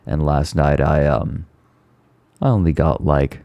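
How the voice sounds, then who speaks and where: A man's voice: very deep voice, fairly even intonation, slow, warm tone, no echo, highs cut off. A male streamer chatting casually and sounding tired, rambling and stumbling over his words. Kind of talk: casual chat.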